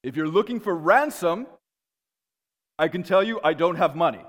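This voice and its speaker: A man doing an impression of a menacing middle-aged father who calmly threatens kidnappers over the phone, slow and deliberate. He stands in a lecture hall. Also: high voice.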